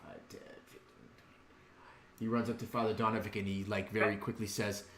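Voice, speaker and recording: A man's voice: lowish voice, flat delivery, moderate pace, creaky, fairly bright tone, roomy sound, slight background noise. A man narrating a tabletop game as dungeon master, in a laid-back way with lots of ums and chuckles.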